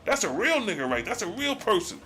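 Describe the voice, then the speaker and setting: Animated man reading and commenting on scripture. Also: sits high, soft background music. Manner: alternates slow archaic reading with slangy commentary. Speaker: scripture study host.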